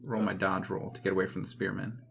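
A man's voice: sits low, little pitch movement, fast, vocal fry, fairly bright tone, slight background noise. A man playing in a tabletop role-playing game, matter-of-fact and teasing. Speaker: player. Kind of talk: casual game play.

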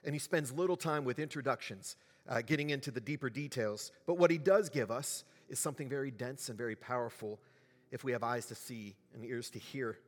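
A male pastor gives a sermon at a middle pitch and a slightly fast pace, talking conversationally with the congregation and asking them questions. The long reverb of a large church hall rings around his voice.

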